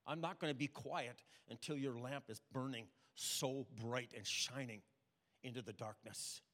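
An older man preaching a sermon, telling personal stories in a plain, halting way. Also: mid-range voice, fairly even intonation, fairly bright tone. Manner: plain, halting testimony with restarts. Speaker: pastor. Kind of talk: storytelling sermon. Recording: long reverb of a hall.

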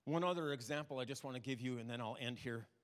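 An older man preaching a sermon, telling personal stories in a plain, halting way. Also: mid-range voice. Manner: plain, halting testimony with restarts. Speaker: pastor. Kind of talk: storytelling sermon. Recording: long reverb of a hall.

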